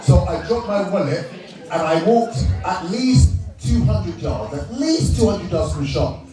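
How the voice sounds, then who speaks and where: A British man hosting an awards night who jokes with the audience, laughs often and shouts out to the room. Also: sits high, lively intonation, a little slow, faint music behind. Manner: joking, laughing, shouting out to the crowd. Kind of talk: live crowd-work emcee banter. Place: large indoor event hall with a live crowd. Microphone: handheld microphone. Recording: echoey hall, distant mic, crowd noise.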